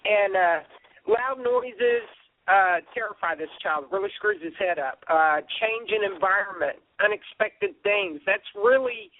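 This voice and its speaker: An older man calling in by phone, ranting angrily with many fillers and halting restarts. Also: high voice, no echo. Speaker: caller. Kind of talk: phone-in rant. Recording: tinny phone line with faint noise.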